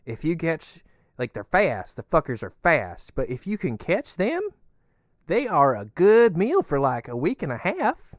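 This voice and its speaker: A man's voice: very animated, measured pace, no echo, clean studio sound. A man playing a rambling, easygoing male resident living inside a giant creature, chatty and crude. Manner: chatty, crude, swinging pitch.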